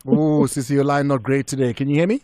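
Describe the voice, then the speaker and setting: A man with a South African accent hosting a live radio sports show, energetic and switching between English and isiZulu. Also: mid-range voice, fast, no echo, studio quality.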